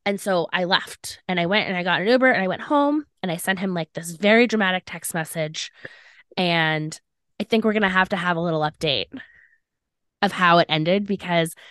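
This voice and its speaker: A woman's voice: fairly low pitch, dry recording, studio quality. A young woman co-hosting a podcast, telling a personal story casually, full of "like" and acted-out quotes. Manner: animated, fillers of "like", acts out quoted lines. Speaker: podcast co-host.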